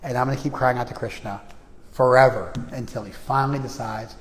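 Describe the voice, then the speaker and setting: A man giving a spiritual lecture to a class, animated, swinging between quiet and loud, often checking in with "you follow?". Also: medium pitch, a little fast, in a large hall. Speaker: spiritual teacher. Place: class room in a temple.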